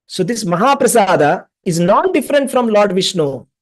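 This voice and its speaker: A man's voice: high-pitched, big pitch swings, normal speed. Man, scripture class teacher; storytelling, repeats points, checks in with the audience. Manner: repetitive, asks the class questions, acts out dialogue. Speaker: spiritual teacher.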